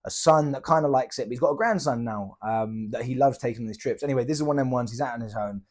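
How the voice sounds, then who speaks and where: A man's voice: mid-range voice, fast. Young British man, casual slangy storyteller, vlog voice. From Britain. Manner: chatty, slangy, animated retelling with quoted dialogue. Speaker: travel vlogger.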